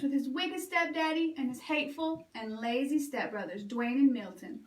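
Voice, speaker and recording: A woman librarian reading a picture book aloud for children in a lively, expressive way. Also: high-pitched, moderate pace, hardly any pauses, recorded from a distance. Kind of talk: storytime read-aloud. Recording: roomy echo, away from mic.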